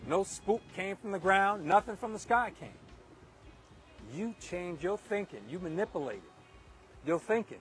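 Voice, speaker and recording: Outdoors in a windy park, a high-voiced man gives an off-the-cuff moral talk with soft music in the background. Expressive and unhurried, he preaches emphatically and repetitively, driving his points home.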